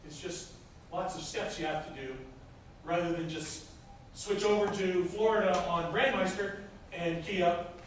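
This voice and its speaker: A man's voice: high voice, a little slow. Man lecturing in an echoey classroom. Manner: explains step by step with frequent hesitations. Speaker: instructor. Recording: echoey room from far off, faint noise.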